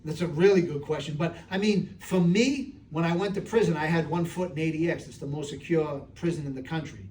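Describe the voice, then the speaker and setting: A middle-aged American man answering audience questions in a live Q&A, earnest and streetwise, telling stories with quick acted voices. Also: on the high side, darkish tone. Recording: distant room recording with faint noise.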